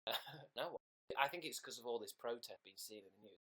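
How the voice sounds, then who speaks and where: A man's voice: mid-range voice, expressive, brisk, sharp tone, slightly rough. A man with an English accent chatting casually on a livestream, rambling and joking at his own expense. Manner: rambling, silly and self-mocking. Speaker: livestream host.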